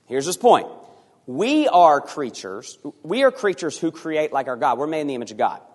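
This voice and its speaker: A man delivers a sermon from the pulpit, animated and lively, now and then acting out voices to make his point. His voice sits a little high for a man, and a long reverb trails behind it. It sounds like a church sanctuary. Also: moderate pace. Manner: animated, acts out voices for emphasis. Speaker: pastor.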